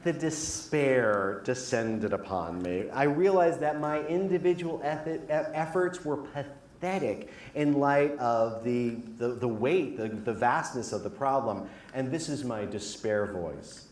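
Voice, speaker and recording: A man's voice: mid-range voice, unhurried, a little mellow. Theatrical man in an echoey room. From New York and Connecticut. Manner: theatrical, shifts into mock voices. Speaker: speaker, performance artist. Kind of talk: comedic talk with acted voices.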